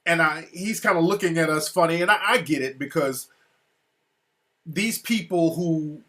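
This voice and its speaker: A man with an American accent tells a story in a relaxed, rambling way. His voice sits a little higher than most men's. He swears freely, restarts his sentences often and keeps adding asides. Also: normal speed. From United States. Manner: loose, profane, full of restarts and asides. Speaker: speaker recounting a trip. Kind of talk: casual storytelling.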